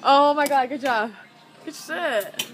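A young woman in her twenties chatting excitedly on a handheld camera vlog, often laughing. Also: high voice, slow, soft background music. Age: 20s. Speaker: vlogger. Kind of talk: casual vlog chat. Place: outdoor fireworks show, then restaurant. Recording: noisy phone video with loud crowd.

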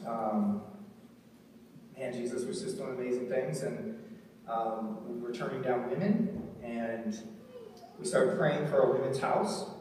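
A man's voice: mid-range voice, a little slow, pauses often, a little mellow. Man preaching in an echoey hall. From Ohio. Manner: earnest storytelling with frequent ums and "right?". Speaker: preacher and recovery ministry leader. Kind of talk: testimony sermon. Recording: echoey hall from far off, faint noise.

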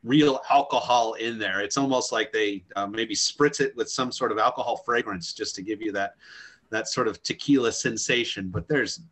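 A man's voice: lowish voice, moderate pace, a bit bright, breathy edge. Man telling a meandering anecdote. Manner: meandering anecdote with dry asides. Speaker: comedy panelist. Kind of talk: improvised comedy chat.

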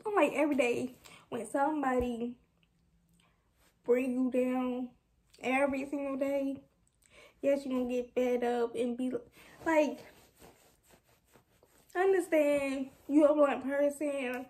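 Young woman, high voice, casual vlog, frustrated, rambling venting. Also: fairly even intonation, slow pace, pauses often, darkish tone. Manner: frustrated, candid, rambling with restarts. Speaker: vlogger.

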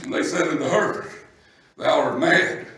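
A man preaching a sermon, swinging from low scripture reading to loud shouting. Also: measured pace, slight background noise. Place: church. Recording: echoey church room from a distant mic.

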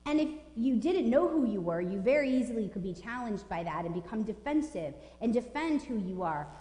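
A woman's voice: fairly high pitch, very animated, brisk, warm tone. A woman pastor in her forties preaching a sermon in an emphatic, informal way. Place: church sanctuary. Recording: echoey church with long reverb.

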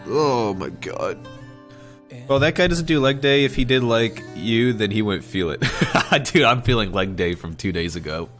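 A young man giving excitable let's play commentary as a gaming streamer, swearing freely and reacting loudly to the game. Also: on the low side, unhurried, soft background music.

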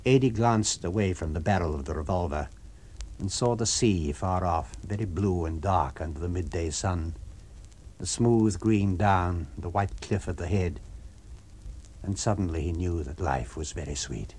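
Low, husky male storyteller. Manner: measured, expressive storytelling. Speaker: narrator. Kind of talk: abridged audiobook reading for radio.

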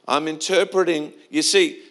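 A man's voice: a little high, fairly even intonation, normal speed. A middle-aged man preaching a sermon in a church, telling stories in a conversational way with frequent restarts. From Australia. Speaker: pastor.

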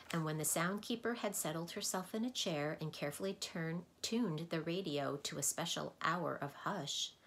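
Woman reading a kids' book out loud, kinda low voice, lively. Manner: expressive, lively narration. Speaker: reader. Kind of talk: storybook read-aloud.

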